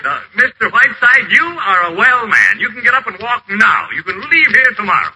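An actor playing a bumbling, eager-to-please small-town doctor who chuckles and gushes, in 1940s radio acting. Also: male voice, high voice, big pitch swings, brisk, heavy background noise. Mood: effusive. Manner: chuckling, fussy, effusive.

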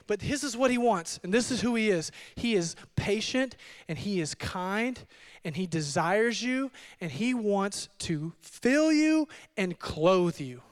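A man in his thirties preaching a fervent sermon as pastor, swinging from hushed to shouting. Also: very high-pitched, clean tone.

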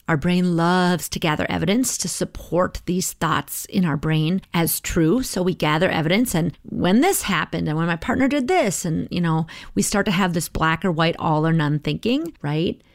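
A middle-aged woman talks through her coaching ideas in a relaxed podcast monologue. Her manner is conversational and reflective, and she checks in with listeners as she goes. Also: fairly low pitch, unhurried, dry recording, studio quality. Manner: conversational, reflective, tags with "right?".

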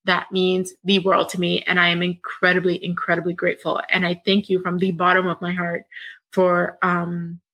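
A woman hosting a solo podcast from her home, chatting in a rambling, warm and candid way. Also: fairly low pitch, completely flat delivery, moderate pace, breathy edge, lo-fi sound. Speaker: podcast host. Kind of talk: solo reflective podcast chat.

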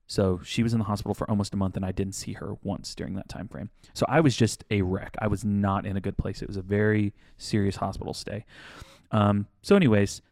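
A man co-hosting a podcast, telling a long rambling story in a casual chat, animated and swearing now and then. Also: lowish voice, no room sound, studio quality. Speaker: podcast co-host.

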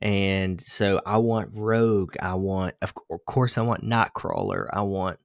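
A man's voice: low-pitched, animated, measured pace, creaky, dry recording, clean studio sound. A young man co-hosting a podcast, talking in a loose, rambling way and swearing casually. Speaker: podcast co-host. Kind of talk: casual chat.

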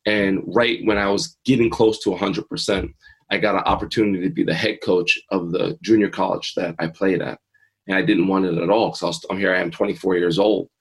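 Man, forties, low pitch, gravelly, earnest storyteller, voices his own past thoughts. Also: fairly even intonation, a little fast, rough recording. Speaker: interview guest, mindset coach. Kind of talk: personal storytelling in a podcast interview.

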